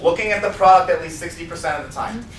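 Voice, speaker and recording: A man training salespeople at a seminar, talking in a lively way and acting out demo scenes. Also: high voice, fast, a crowd in the background. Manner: lively, acts out scenes in put-on voices. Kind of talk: animated seminar teaching. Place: seminar room. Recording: roomy sound from a distant mic with faint noise.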